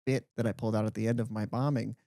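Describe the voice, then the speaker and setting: A young man co-hosting a podcast, telling stories in a casual, animated way with lots of "like". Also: lowish voice, very fast, dry recording, studio quality. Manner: animated storyteller, heavy use of "like". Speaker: podcast co-host. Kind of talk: casual chat.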